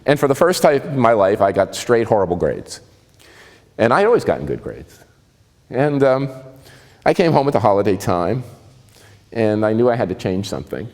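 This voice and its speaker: A man in his sixties from New Jersey with a New Jersey accent, telling personal stories in a lively, conversational and self-mocking way. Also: on the low side, normal speed, long pauses, big-room sound. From New Jersey, USA. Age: 60s. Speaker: speaker giving a talk. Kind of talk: personal storytelling talk.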